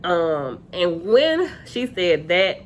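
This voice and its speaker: A woman's voice: lowish voice, big pitch swings, extremely slow, slight background noise. A young woman casually recapping a reality dating show episode, chatty and full of fillers, often quoting cast members. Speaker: reality TV reviewer.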